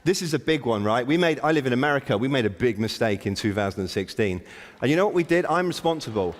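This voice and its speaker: A man's voice: mid-range voice, animated, fast talker, a little hiss or hum. A middle-aged man giving a blunt, provocative and self-mocking opening keynote to a conference audience. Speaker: conference speaker. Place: large conference hall. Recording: long hall reverb.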